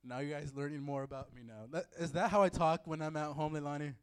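Male youth pastor, fairly high voice, casual sermon full of jokes and asides. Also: fairly even intonation, quick pace, clean tone. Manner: joking, playful asides to the audience.

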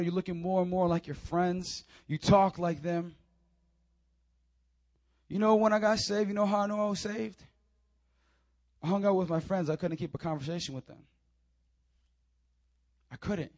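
A young man preaches a sermon in a church, his voice sitting high for a man. He surges into loud, urgent appeals, then drops into quiet, confiding asides as he tells his own story. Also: fairly quick, dry recording. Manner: impassioned preaching, swinging between loud urging and low confiding asides. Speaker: pastor. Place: church sanctuary.

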